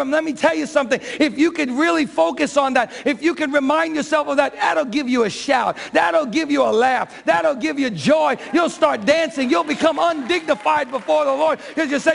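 Fervent gravelly-voiced preacher in reverb. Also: male voice, extremely high pitch, moderate pace. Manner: fervent preacher, swings from soft to shouting; self-described shouter and crier. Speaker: pastor. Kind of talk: sermon. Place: church sanctuary.

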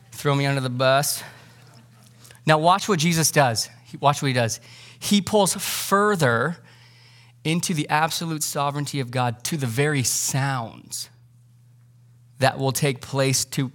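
A man preaching a sermon, lively and joking, acting out the disciples in quick asides. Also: medium pitch. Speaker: pastor.

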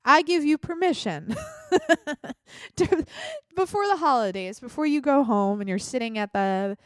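A woman hosts her podcast alone in a chatty, blunt way. Her voice is stuffy from a sinus infection, and her pitch swings widely as she talks. The sound is close and dry, with no room around it. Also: animated, moderate pace, no echo. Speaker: podcast host. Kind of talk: solo political podcast commentary.

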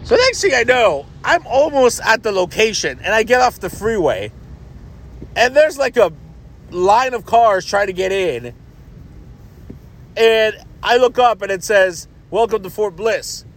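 A male podcast host telling a personal story in a chatty, animated way, swearing freely. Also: sits high, unhurried, pauses often. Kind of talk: casual storytelling.

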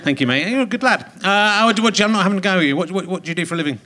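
Bright, high-voiced English comedy host. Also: male voice, expressive, racing. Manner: teasing, joking with audience members. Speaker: podcast host. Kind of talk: live comedy podcast with audience banter. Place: theatre stage with live audience.

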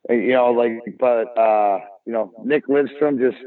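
A former hockey player being interviewed, telling rambling, profane stories full of restarts. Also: male voice, medium pitch, unhurried. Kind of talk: casual storytelling interview. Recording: tinny phone-like line.

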